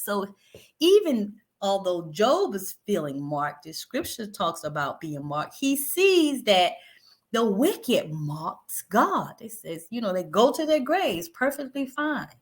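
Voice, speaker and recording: A woman leading a Bible study, reading verses aloud and explaining them in a conversational, animated way. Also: mid-range voice, slow. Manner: animated, conversational, laughs lightly, paraphrases verses in everyday speech.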